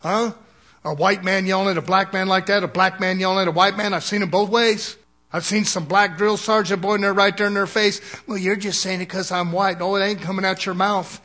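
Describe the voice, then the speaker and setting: A man's voice: high-pitched, fairly even intonation, fairly quick, sharp tone. An older man preaching a sermon in a folksy, chuckling way, often asking the congregation "Amen?".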